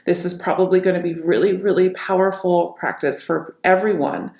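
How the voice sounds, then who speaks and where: Low gravelly woman coaching expressions. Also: normal speed, a little mellow, roomy sound. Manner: demonstrates emotions by repeating one line in many tones. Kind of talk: instructional talk to camera.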